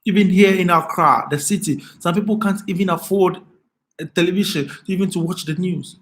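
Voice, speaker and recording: A man speaks in a somewhat high voice, talking straight to viewers on a live stream. His delivery is impassioned and earnest, and he circles back to the same phrases again and again. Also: a little fast. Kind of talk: emotional live stream commentary.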